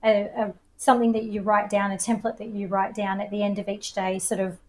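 A woman's voice: mid-range voice, little pitch movement, fairly quick, darkish tone, a little hiss or hum, poor audio. An Australian woman coach speaks as a podcast guest in a mid-range voice. She explains with confident enthusiasm and an easy flow. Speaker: coach and presenter.

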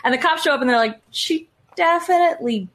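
A woman co-hosting a podcast in casual chat, animated and talkative, slipping into little acted-out voices as she goes. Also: sits high, very fast. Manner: animated, chatty, acts out quoted voices. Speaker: podcast co-host.

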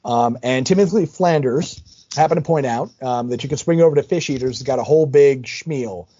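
Male podcast co-host, joking and animated, mellow husky voice, slightly dull recording. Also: mid-range voice, fairly quick, no echo. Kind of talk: casual podcast chat.

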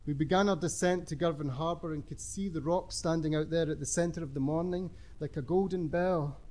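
High-voiced man reading a story. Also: a little fast, a little mellow. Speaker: narrator. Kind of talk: audiobook narration.

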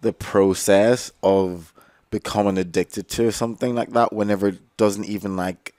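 A man's voice: fairly low pitch, fairly even intonation, moderate pace, mellow, no room sound, clean studio sound. A young man co-hosting a podcast, speaking bluntly and teasing his co-host in casual chat.

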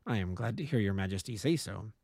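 A man's voice: on the low side, animated, fast talker, gravelly, darkish tone, breathy edge, no echo, clean studio sound, full character voice. A man voicing a cold, reserved detective who speaks coolly and clipped. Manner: cool and clipped.

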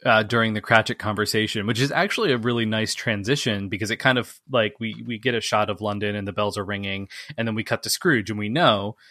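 Low, bright-toned man recapping a film. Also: quick pace, hardly any pauses, no echo, studio quality. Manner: steady recapping, peppered with "like". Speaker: podcast co-host. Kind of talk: casual film review chat.

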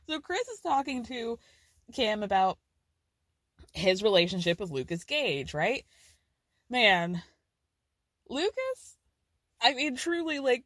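A woman with a higher-pitched voice hosts a podcast, recorded in clean studio quality with no echo. She gives a chatty, profane recap of a reality show as casual pop culture talk, laughing often.

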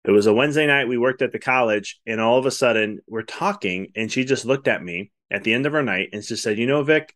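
A man's voice: mid-range voice, fast, hardly any pauses, fairly bright tone. A man hosting a podcast, talking in an earnest, effusive and rambling way. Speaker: podcast host. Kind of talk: casual interview talk.

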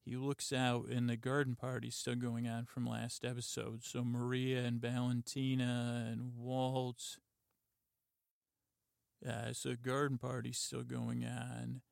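Slow, gravelly man rambling softly. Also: mid-range voice, monotone, dry recording, clean studio sound. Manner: halting, lots of "uh" and "like", quiet and meandering. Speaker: podcast host. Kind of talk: rambling sleepy retelling of a TV episode.

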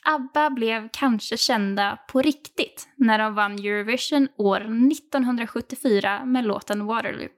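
A woman's voice: a little high, moderate pace, hardly any pauses. A woman whose first language is Swedish, tutoring a learner with patient, encouraging corrections in a casual lesson.

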